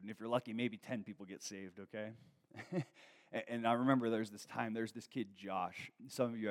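A young man preaching a sermon in a casual, conversational way, telling personal stories full of fillers and rising to excitement as the story builds. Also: fairly low pitch.

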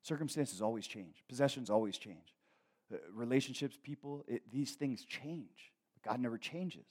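A pastor preaching a sermon, conversational, rising loud and slow when reading scripture and dropping to quieter asides, often checking in with "okay?". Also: male voice, medium pitch.

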